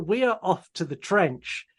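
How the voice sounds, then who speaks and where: Male podcast host, fairly high voice, blunt, swears in casual film chat. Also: lively intonation, slow, breathy edge. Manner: blunt and swears freely, with many "um"s. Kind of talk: casual chat about films.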